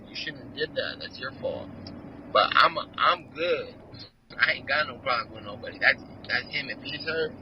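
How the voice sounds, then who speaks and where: On a remote video call, a male fighter guest from California delivers a hot-tempered, wandering story thick with slang and swear words, all in casual profane interview talk. His pitch is fairly high, the audio sounds dull, and there's background noise.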